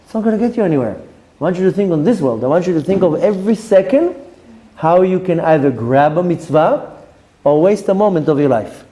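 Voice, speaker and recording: Earnest rabbi with a mellow, raised voice. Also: male voice, high-pitched, lively intonation, brisk, rough recording. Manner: earnest, repetitive emphasis with Hebrew terms. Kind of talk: Torah lecture.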